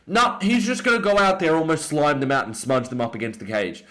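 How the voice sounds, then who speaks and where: A young Australian man giving an opinionated, excitable casual breakdown of fights, often jumping up in pitch for emphasis. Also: fast, hardly any pauses. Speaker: MMA commentator.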